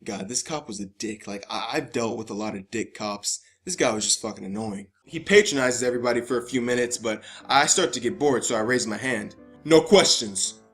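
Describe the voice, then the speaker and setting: A man's voice: on the low side, brisk, few pauses, a bit bright, soft background music. Stammering, swearing young man telling a story. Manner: stammering, profane, laughing asides. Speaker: vlogger. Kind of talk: casual storytime.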